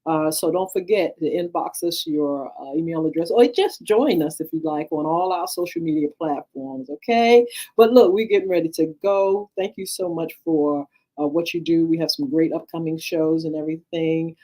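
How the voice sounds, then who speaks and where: A woman hosting a radio talk show in a lively, casual way, laughing and joking often. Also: sits low, normal speed, rough recording. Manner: animated, laughs often, sings playful jingles. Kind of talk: casual chat.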